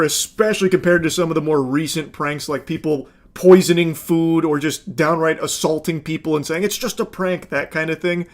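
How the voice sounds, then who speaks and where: High-pitched male commentator, sarcastic and profane, reaction video host. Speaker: commentary YouTuber.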